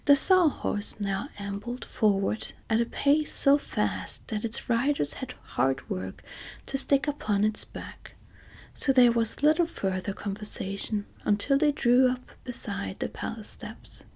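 Woman narrator, whispered role-play storybook reading, breathy, husky. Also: a little high, a little slow. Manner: soft, even storybook reading.

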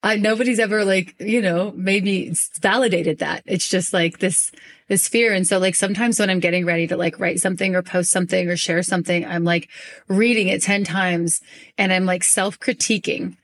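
A woman hosting a podcast in casual chat, talking fast and rambling with lots of fillers. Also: medium pitch, fairly even intonation. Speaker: podcast host.

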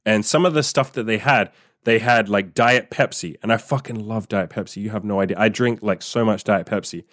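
Blunt, profane man with a low voice. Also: a little fast, a bit bright, dry recording, clean studio sound. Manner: profane, blunt, laughs often. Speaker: podcast host. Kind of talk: casual monologue.

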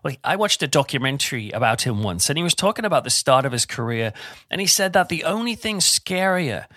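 A middle-aged man giving an informal Bible talk in a chatty, animated way with self-deprecating humour. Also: a little high, brisk, no room sound, studio quality. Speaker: preacher.

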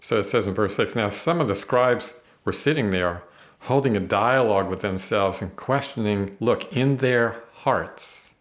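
A man's voice: on the low side, moderate pace. A man teaching the Bible on a podcast, earnest and emphatic, reading verses aloud and explaining them.

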